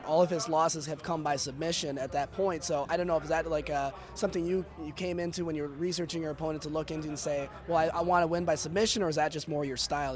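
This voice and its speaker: A man interviewing a fighter after his win, asking casual, hesitant questions with fillers. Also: fairly high pitch. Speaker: cageside interviewer.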